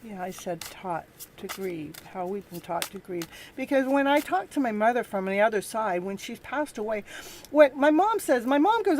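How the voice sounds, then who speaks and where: A woman hosting a live tarot reading, talking in a gentle, encouraging and halting way to her viewers. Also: fairly high pitch, very animated, a little hiss or hum. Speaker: tarot reader and show host.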